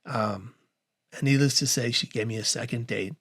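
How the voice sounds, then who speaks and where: A man in his forties telling a comic story as a guest, animated and acting out the voices of the people in it. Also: normal speed, breathy edge. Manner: animated, acts out quoted voices with big pitch swings.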